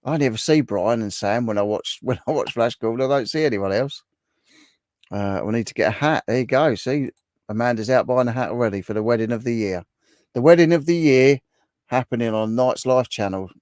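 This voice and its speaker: A man's voice: medium pitch, a little fast, darkish tone, no echo, studio quality. Chatty man on a livestream. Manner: chatty, repeats himself, banters with viewers. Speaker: livestream host. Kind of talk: casual live-stream chat reading viewer comments.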